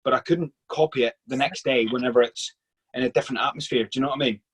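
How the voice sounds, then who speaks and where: Guy doing the interview, husky voice, friendly, keeps restarting his sentences. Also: medium pitch, fast. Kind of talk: casual interview talk.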